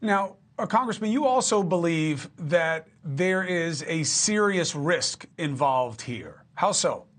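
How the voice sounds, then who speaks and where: A man's voice: fairly high pitch, expressive, slow, hardly any pauses. A man hosting a TV news interview, asking direct and pressing questions. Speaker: TV news host.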